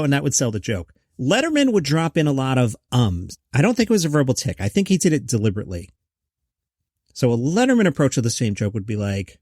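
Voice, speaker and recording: A man's voice: medium pitch, very animated, fast, darkish tone, no echo, studio quality. A man hosting a comedy news podcast, reading headlines with jokey asides. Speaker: podcast host.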